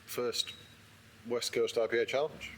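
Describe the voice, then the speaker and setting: A man hosting a casual podcast interview, talking with a hesitant, halting manner. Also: mid-range voice, steady tone, a little hiss or hum. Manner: hesitant, lots of ums and uhs. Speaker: podcast host.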